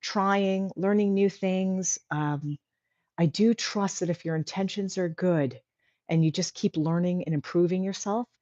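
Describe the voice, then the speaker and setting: A woman's voice: on the low side, unhurried, warm tone, no echo, lo-fi sound. A woman hosting a casual livestream, chatty and encouraging, reading out viewer comments. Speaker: livestream host.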